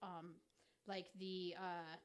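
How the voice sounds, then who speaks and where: A woman co-hosting a casual podcast chat, explaining things at length with many pauses and fillers. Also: lowish voice, little pitch movement, smooth. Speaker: podcast co-host.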